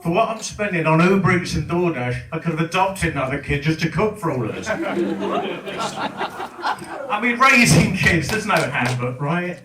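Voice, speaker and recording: A man's voice: fairly high pitch, expressive, normal speed. An older man performing a stand-up comedy set, telling stories in a wry, sardonic way. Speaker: stand-up comic. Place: comedy club lounge. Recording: echoey club, distant, noisy.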